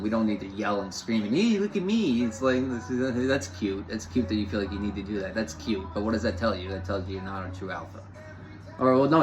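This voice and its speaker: A man's voice: on the low side, rough recording. Rambling man giving a spiritual talk. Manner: rambling, repeats phrases, many fillers. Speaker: spiritual host.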